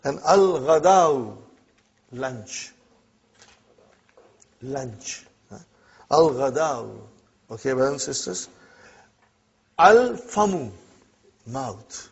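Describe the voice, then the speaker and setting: Muffled slow teacher drilling a class. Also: male voice, mid-range voice, animated, gravelly, slightly rough. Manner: checks in constantly with students; repeats words slowly to drill pronunciation. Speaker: Arabic teacher. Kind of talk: classroom lesson.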